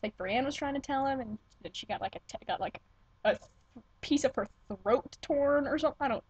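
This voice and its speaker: A woman's voice: fairly high pitch, darkish tone, slightly rough, dry recording, poor audio. A young woman talking casually to her computer webcam at home, gushing and swearing as she rambles and interrupts herself. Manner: gushing, profane, self-interrupting. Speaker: vlogger. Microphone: computer webcam mic.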